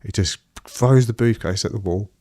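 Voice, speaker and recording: A man telling a long personal story as an interview guest, halting with fillers and restarts. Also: on the low side, warm tone, no room sound, clean studio sound.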